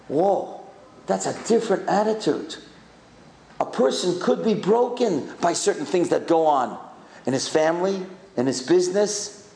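Male speaker, sermon storyteller: high voice, wide swings from excited to solemn, echoey room. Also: vocal fry. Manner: animated, swings from high excited calls to low solemn tones. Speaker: rabbi giving a talk.

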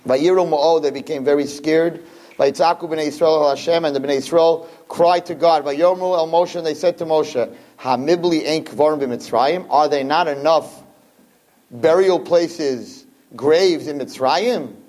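A Torah teacher gives an unhurried class to a room of listeners, reading Hebrew verses and translating them. He is animated and acts out the dialogue with big pitch swings.

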